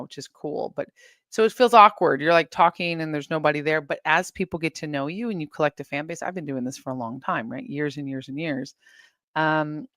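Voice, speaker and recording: Hosting a relaxed live stream, this woman answers viewer comments after reading them aloud, her voice gravelly and on the low side. Her talk meanders, punctuated by giggles. There's no echo at all; the recording sounds dry and near.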